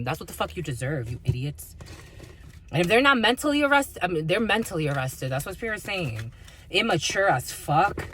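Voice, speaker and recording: A woman's voice: lowish voice, fairly bright tone, slight background noise. A woman giving an intuitive spiritual reading to her viewers, blunt and heavily profane as she rants. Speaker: spiritual reader.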